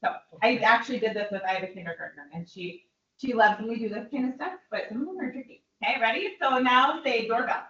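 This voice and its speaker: Bright-voiced woman leading a workshop. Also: a little high, animated. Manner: leading quick call-and-response drills. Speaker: workshop presenter. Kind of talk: training workshop presentation. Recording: echoey room, distant dull mic.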